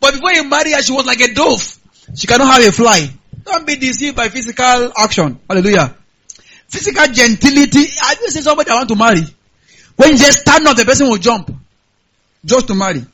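High-pitched Nigerian pastor preaching. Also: male voice, breathy edge. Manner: animated preaching, frequent hallelujahs. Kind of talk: sermon.

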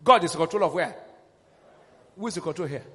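A man preaching a sermon, emphatic and rousing, calling questions to his congregation and rising into shouts. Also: on the high side, lively intonation, quick pace, in a large hall.

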